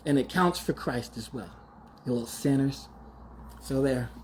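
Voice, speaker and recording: With a medium pitch and a measured pace, a man in his forties hosts a podcast over slight background noise. His teasing monologue is slangy and casual, laced with feigned outrage and regular laughter.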